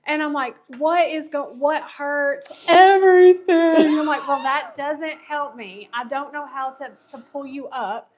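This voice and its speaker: A woman's voice: high-pitched, steady tone, unhurried, hardly any pauses. A woman co-hosting a craft show, telling a story in casual chat and laughing a lot.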